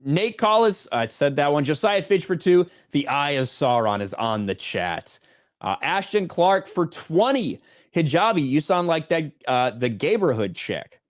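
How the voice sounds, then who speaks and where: A man's voice: a little high, big pitch swings, measured pace, dry recording, studio quality. Man reading donations on a livestream. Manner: reads donations aloud, swears offhandedly. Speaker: livestream co-host reading superchats. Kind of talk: casual livestream chat.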